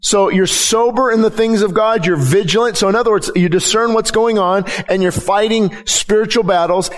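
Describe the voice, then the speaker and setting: A man's voice: sits high, moderate pace. A middle-aged man preaching a sermon as pastor, emphatic and often repeating words as he presses his point.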